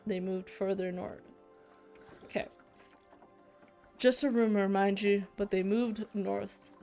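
A woman's voice: medium pitch, fairly even intonation, takes it slowly, gravelly, mellow, faint music behind. A woman reading a wary, guarded fisherman. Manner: guarded, brief answers.

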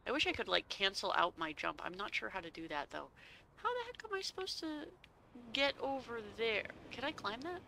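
A woman's voice: a little high, expressive, brisk, gravelly, sharp tone, a little hiss or hum. A woman playfully commenting on a game as she plays, seated and chatting to herself. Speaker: gaming channel host. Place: seated at home.

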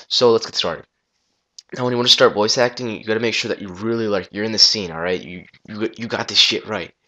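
A man talking through a casual software tutorial on a gaming headset, rambling loosely and swearing now and then. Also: fairly low pitch, fairly quick. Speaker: tutorial maker.

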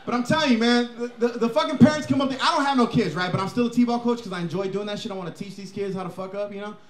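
A man's voice: high voice, very fast, crowd noise. A man doing a stand-up comedy set in a comedy club, with a brash, profane and punchy delivery. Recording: echoey live club recording.

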